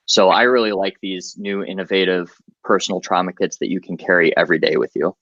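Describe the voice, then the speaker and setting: A man talks through his medical gear in a relaxed, practical way and leans on plenty of fillers. His voice sits a little low. The recording is dull and lo-fi with a dry, close sound. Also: brisk, no room sound. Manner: practical, chatty, many fillers. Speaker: guest medic. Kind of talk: casual podcast interview.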